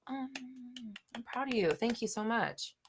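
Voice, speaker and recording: A young woman hosting a live chat, reading viewer questions and answering bluntly, with swearing and bursts of loud exasperation. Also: lively intonation, unhurried, slight background noise. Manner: blunt, swears, swings between low murmur and loud exasperation.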